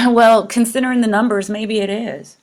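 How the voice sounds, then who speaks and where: Higher-pitched woman host, sympathetic and probing. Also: fairly even intonation, moderate pace. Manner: sympathetic, asks probing questions. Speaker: podcast host. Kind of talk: conversational interview.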